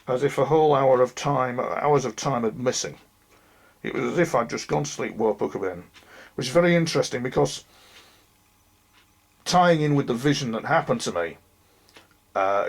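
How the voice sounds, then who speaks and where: A man's voice: mid-range voice, gravelly. A man talking earnestly to camera about his experiences, rambling and addressing viewers directly, unwell and losing his voice. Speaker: UFO experiencer. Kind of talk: monologue to camera.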